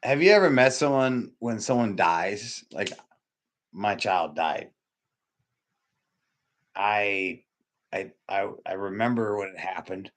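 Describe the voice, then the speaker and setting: A middle-aged man preaching a sermon in a church hall, blunt and emphatic, with sudden loud high bursts. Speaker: pastor. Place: church hall with doors opening.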